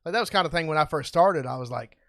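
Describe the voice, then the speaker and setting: A man's voice: a little high, lively intonation, quick pace, fairly bright tone, dry recording, studio quality. A man co-hosting a casual podcast, chatty and agreeable. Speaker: podcast co-host. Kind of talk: casual chat.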